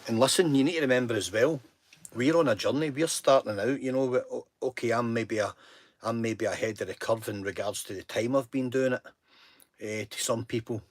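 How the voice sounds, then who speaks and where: A Scottish man hosts a relaxed live stream, talking with chatty earnestness and plenty of self-mockery. He speaks briskly at medium pitch, and there's no room sound.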